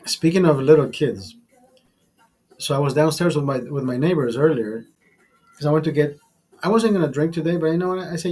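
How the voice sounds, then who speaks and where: A man casually telling a profane story in a vlog, animated and blunt. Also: on the high side, a little fast, pauses often, faint music behind, rough recording. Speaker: vlogger.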